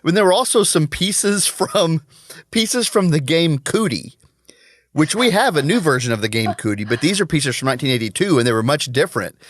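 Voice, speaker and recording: A man with a somewhat high voice hosts a relaxed comedy podcast. He tells stories with easy laughter. His mic is close and dry, with no room sound. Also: moderate pace, no echo. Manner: storytelling, laughs often. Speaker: podcast host. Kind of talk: casual chat.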